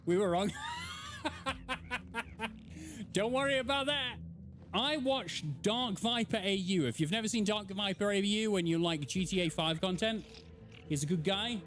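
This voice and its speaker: A man's voice: sits high, unhurried, pauses often, noisy background. A man from England with an English accent, chatting casually and swearing as he answers chat during a live game stream.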